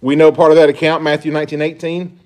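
A male pastor delivering a sermon with emphatic, questioning delivery. His voice sits a little higher than most men's, and he swings between louder stresses and quieter asides. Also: level tone, fast. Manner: emphatic, rhetorical questions, shifting pitch and volume.

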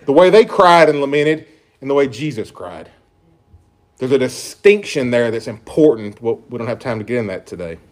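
A man's voice: mid-range voice, lively intonation, normal speed. Man preaching an earnest sermon. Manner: earnest, emphatic preaching with scripture reading. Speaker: pastor.

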